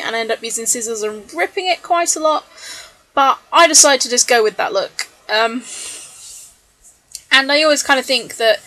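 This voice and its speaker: A woman with a slightly high voice talks through her crafting in a recorded voice-over. She is chatty and relaxed, scattering ums and small laughs, and sounds a little tired late at night. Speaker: scrapbooking vlogger. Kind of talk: voice-over narration of a crafting process video. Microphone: voice-over recorded separately from the video.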